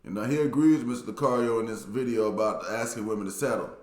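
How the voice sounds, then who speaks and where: A man's voice: mid-range voice, quick pace, a little mellow. Laid-back Southern man in an echoey room. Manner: laid-back, plainspoken, repeats phrases. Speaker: YouTube commentator. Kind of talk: casual commentary reading viewer comments.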